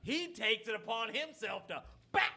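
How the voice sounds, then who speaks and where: A man hosting a podcast, telling stories in an animated, profane way and laughing often. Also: sits high, normal speed. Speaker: podcast host and DJ. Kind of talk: casual podcast banter.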